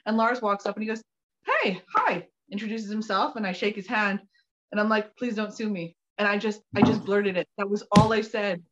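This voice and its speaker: A woman guest telling a funny story in casual chat, animated and laughing often. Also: mid-range voice, a little fast, a little hiss or hum. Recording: dull lo-fi audio.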